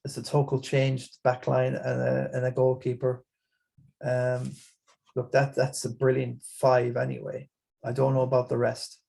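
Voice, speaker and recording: A man's voice: medium pitch, completely flat delivery, a little slow, gravelly, mellow, slightly rough. A man with an Irish accent hosting a casual fantasy football chat, rambling along with frequent restarts and repeated words. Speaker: podcast host.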